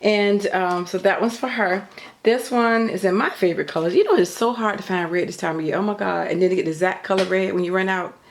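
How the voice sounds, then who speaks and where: A woman's voice: mid-range voice, a little fast, slight background noise. A middle-aged woman chatting casually as she shows off her crafts in a home vlog, rambling with lots of fillers and a little out of breath. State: a bit out of breath. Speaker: craft YouTuber. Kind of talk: casual show-and-tell vlog. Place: at home craft table, behind the camera.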